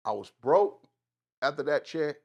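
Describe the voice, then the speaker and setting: A middle-aged man from Atlanta with a Southern accent, telling profane, animated stories as an interview guest. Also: on the high side, a little slow, lo-fi sound. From Atlanta, Georgia. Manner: animated storyteller, profane, drawling asides. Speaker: guest rapper. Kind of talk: casual storytelling interview.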